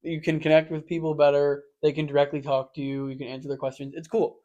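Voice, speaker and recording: A young man in casual podcast chat with a somewhat high voice. He rambles through stories full of fillers and restarts. When he quotes people, he bursts into loud, lively impressions. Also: fast, dull audio. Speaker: podcast co-host.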